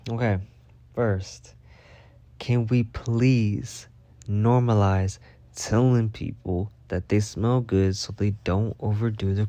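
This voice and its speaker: A man's voice: on the low side, warm tone, no echo. A man hosting a casual storytime vlog, gossiping about coworkers in a blunt, profane way and repeating lines for emphasis. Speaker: vlog host.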